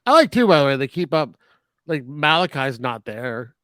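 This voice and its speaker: A man's voice: fairly high pitch, very animated, normal speed, pushed and bright, no room sound, clean studio sound. A man co-hosting a podcast, chatting casually about a horror film with sarcastic asides and frequent laughter. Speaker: podcast co-host. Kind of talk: casual film review chat.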